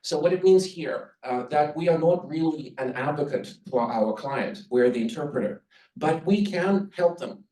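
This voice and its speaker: Speaking at a normal speed in a fairly high, mellow voice, a Soviet-born man presents earnestly at a conference, instructing listeners on interpreting and offering advice. The distant mic in the conference room gives his voice a roomy sound.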